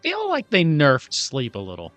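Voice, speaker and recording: A man's voice: a little high, wildly swooping pitch, normal speed, a bit bright, dry recording, faint music behind. A man playing a tabletop game, joking around and muttering to himself while he rolls dice. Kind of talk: casual game chat.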